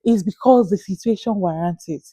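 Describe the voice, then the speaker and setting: A young Nigerian woman with a Nigerian accent, telling a story to camera in a casual, animated and exasperated way, with sighing asides. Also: mid-range voice, normal speed, no echo. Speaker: vlogger.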